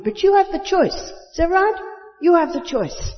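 A woman's voice: mid-range voice, lively intonation, normal speed. Laughing woman preaching in a reverberant hall. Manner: warm, laughing often, emphatic rises on key words. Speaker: speaker at a retreat. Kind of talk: sermon. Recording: muffled recording with long hall reverb.

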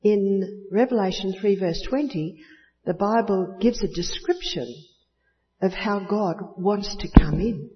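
A woman's voice: medium pitch, a little slow. A woman preaching at a retreat, telling homely stories, laughing often and stressing key words with sudden rises. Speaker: speaker at a retreat. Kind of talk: sermon. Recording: muffled recording with long hall reverb.

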